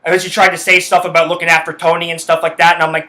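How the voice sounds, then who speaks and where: A man's voice: on the high side, flat delivery, rapid-fire, hardly any pauses, bright, forceful tone. A man hosting a solo podcast, telling a story in a heated, profane rant full of swearing. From Canada. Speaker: podcast host. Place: his house.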